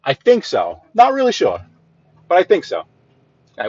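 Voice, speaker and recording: Behind the wheel on a live driving vlog, a livestreamer and sales rep vents to chat, exasperated and going over the same points again and again. His high-pitched, slightly mellow, husky voice swoops wildly in pitch at a moderate pace with frequent pauses. The recording is dry and dull.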